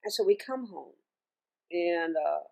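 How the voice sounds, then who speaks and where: A middle-aged woman chats as an interview guest, spinning a long story with lively ups and downs in pitch. She restarts her sentences and breaks into laughs, sounding relaxed and talkative. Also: a little slow, vocal fry. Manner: chatty and animated, laughs often, restarts sentences. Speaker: singer and music teacher, interview guest.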